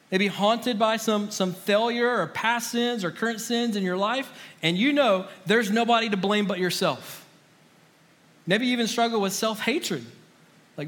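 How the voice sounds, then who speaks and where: A man's voice: sits high, a bit bright. A man preaching a sermon as pastor, in a casual, conversational way with slangy asides. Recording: long reverb of a large hall.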